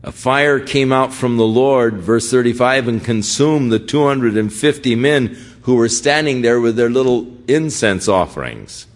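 A man's voice: medium pitch, unhurried, few pauses. An older man preaching a conversational sermon, acting out the voices of people praying as he quotes them. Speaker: pastor.

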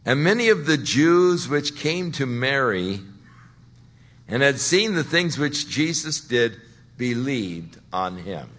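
A man's voice: mid-range voice, sing-song, takes it slowly, fairly bright tone. A man preaching a sermon on a Bible passage, talking it through conversationally and building to emphatic points. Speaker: pastor.

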